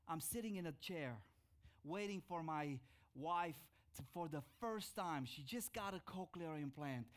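A middle-aged man, a pastor, telling his life story in a sermon, with sudden loud bursts on the words he stresses. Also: on the high side, moderate pace. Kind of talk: sermon testimony.

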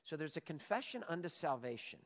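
High-voiced pastor preaching in a hall. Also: male voice, big pitch swings, brisk. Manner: preaching, swings between loud emphasis and hushed prayerful tone. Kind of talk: sermon.

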